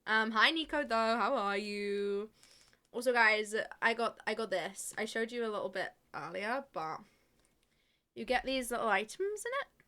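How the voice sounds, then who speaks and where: A young woman chats on a live stream, with a bright voice that sits a little high. She talks loosely to her viewers, swears freely and laughs easily. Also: moderate pace. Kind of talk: casual live-stream chat.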